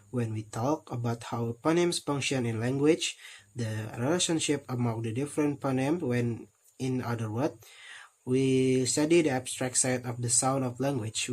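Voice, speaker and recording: A man's voice: mid-range voice, a little mellow. A young man with an Indonesian accent, reading a phonetics lesson aloud carefully and often restarting words. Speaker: student presenting a recorded test.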